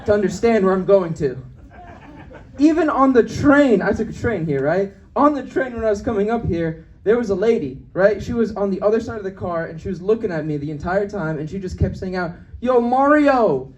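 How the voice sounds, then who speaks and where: A young man works a comedy club stage with a brash, quick-shifting delivery. His voice sits high for a man, and he switches into other voices to act out scenes. The sound comes through the club mic from some distance. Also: lively intonation, a little mellow, highs cut off, slight background noise. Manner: brash, fast-shifting, acts out voices of people in his stories. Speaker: stand-up comedian. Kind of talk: stand-up comedy set. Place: comedy club with live audience.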